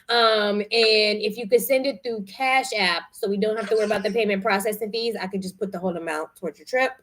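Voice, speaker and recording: A woman's voice: fairly high pitch, a bit bright. A young woman talking frankly to her camera about feeling tired and unwell, candid and emotional. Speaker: vlogger running group trips. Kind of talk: casual vlog talk.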